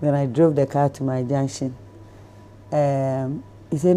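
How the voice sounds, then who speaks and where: A middle-aged Ghanaian woman telling a lively story in an interview, acting out the people in it. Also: rumbling low, unhurried, pauses often. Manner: animated storyteller who acts out voices, laughing. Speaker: celebrity guest.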